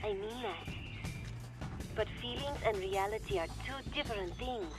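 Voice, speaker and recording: A woman's voice: medium pitch, normal speed, close to an everyday voice. An actress playing a scheming young woman in a game cutscene who pleads, then taunts the hero. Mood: pleading. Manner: mocking, then tender. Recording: game audio under music.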